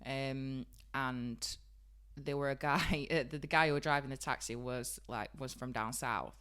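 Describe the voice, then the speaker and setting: Woman, Yorkshire accent, low pitch, bright tone, bubbly chatty podcast co-host. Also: fairly even intonation, unhurried, clear, resonant tone. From Yorkshire, England. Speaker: podcast co-host, beauty trainer. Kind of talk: casual chat.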